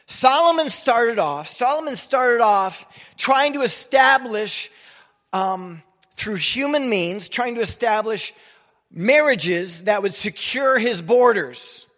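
A man's voice: very high-pitched, expressive, slow, fairly bright tone, in a large hall. A man in his forties preaching a sermon in a casual, joking, conversational way. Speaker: pastor.

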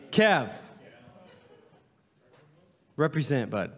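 Playful male pastor, lively pitch, long hall reverb. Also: a little slow, long pauses. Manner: playful, joking, reads aloud with mock drama. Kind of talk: humorous sermon to a congregation. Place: church sanctuary.

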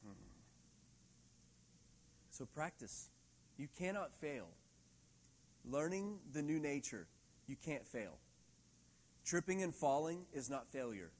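A middle-aged man preaching a sermon in a church hall, lively and laughing often, acting out quoted voices. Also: a little high, slow pace, long pauses. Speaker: pastor.

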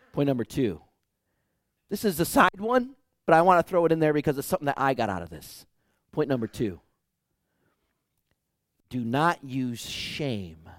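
Male pastor, sermon, emphatic, quiet-to-loud swings, slightly high voice, dry sound. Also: no echo.

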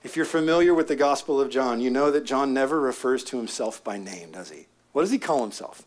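A man preaching a sermon, swinging from loud emphatic peaks down to hushed near-whispers. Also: medium pitch, expressive, brisk. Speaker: pastor. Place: outdoor gathering with a prayer tent.

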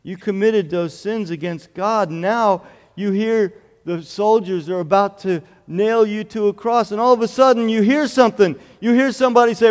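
A man's voice: high voice, steady tone, normal speed, in a large hall. A male pastor giving a children's sermon in a church, explaining things simply and earnestly and asking the children questions.

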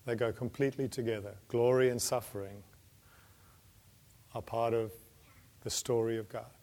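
A man preaching a sermon in an earnest manner, building to emphatic peaks and then dropping his voice low. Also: fairly even intonation, normal speed, warm tone.

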